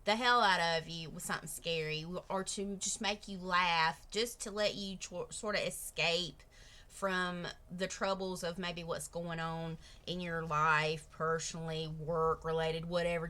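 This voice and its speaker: A woman's voice: lowish voice, steady tone, unhurried, pushed and bright. A middle-aged woman with a Southern US accent, chatting frankly and rambling as a reaction host. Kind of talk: casual reaction chat.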